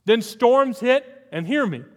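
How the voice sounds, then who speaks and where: A man's voice: very high voice, animated, slow, a little mellow, big-room sound. A man preaching a sermon as pastor, emphatic, repeating phrases for emphasis.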